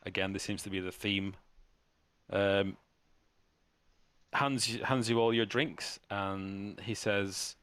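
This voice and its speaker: Low-voiced male game master. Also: fairly even intonation, a bit bright, clear, resonant tone, no room sound. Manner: halting, with many restarts. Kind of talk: narrating a tabletop game.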